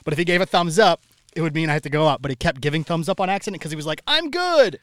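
A chatty man co-hosting a podcast who tells stories at an easy, casual pace. His voice sits high. It is recorded dry, right up on the mic. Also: very fast, no room sound. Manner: chatty storyteller. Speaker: podcast co-host. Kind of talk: casual chat. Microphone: studio microphone.

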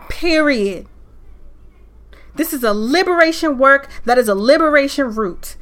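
Fiery, bright-voiced woman podcaster. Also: high-pitched, expressive, a little slow, pauses often. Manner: fiery, preachy, loud at times. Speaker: podcast host. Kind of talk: impassioned solo podcast rant.

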